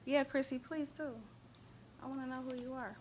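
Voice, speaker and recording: A woman hosting a casual faith and relationship live stream, chatting animatedly and shouting out viewers by name. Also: high-pitched, flat delivery, moderate pace, a little hiss or hum.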